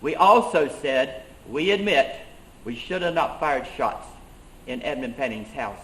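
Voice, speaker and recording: A man's voice: medium pitch, lively intonation, measured pace, a bit bright. A man as an indignant colonial rebel leader. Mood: earnest. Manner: earnest, emphatic storytelling that rises on grievances. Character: 18th-century colonial schoolmaster turned rebel leader, male, indignant. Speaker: living-history reenactor. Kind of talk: first-person historical reenactment monologue. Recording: roomy echo.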